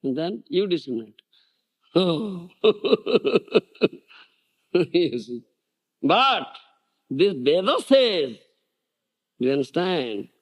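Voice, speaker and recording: An older man teaching a devotional lecture in a high, lively voice that leaps up and down. He speaks slowly, pressing his points with rhetorical questions and ready laughter. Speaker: spiritual teacher.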